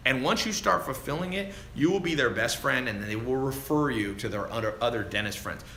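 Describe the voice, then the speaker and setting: Male livestream coach, casual and chatty, forceful bright tone, faint background ambience. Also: medium pitch, brisk, slight background noise. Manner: animated and chatty, calls listeners dude and man. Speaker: online business coach answering live viewer questions. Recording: roomy echo with faint ambience.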